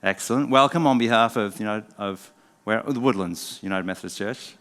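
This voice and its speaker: A middle-aged man from England with an English accent softened by a southern drawl, giving a relaxed, self-deprecating talk to a live audience as a former pastor. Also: fairly low pitch, fairly quick. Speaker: pastor and speaker. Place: church event hall. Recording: long hall reverb.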